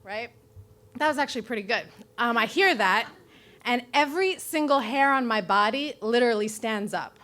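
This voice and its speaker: Brooklyn-raised woman, high-pitched, live slam storyteller, salty and self-deprecating. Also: moderate pace, a little hiss or hum. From Brooklyn, New York. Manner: profane, self-mocking, animated.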